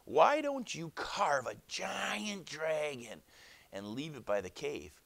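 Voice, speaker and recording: Eager little girl with a bright idea, voiced by a man, storybook read-aloud, lively pitch. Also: slow pace, creaky, dry recording, full character voice.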